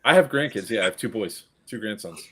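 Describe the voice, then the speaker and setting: A middle-aged grandfather telling animated, profane stories in casual chat, acting out the quotes. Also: lowish voice, quick pace, slightly rough. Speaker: stream co-host.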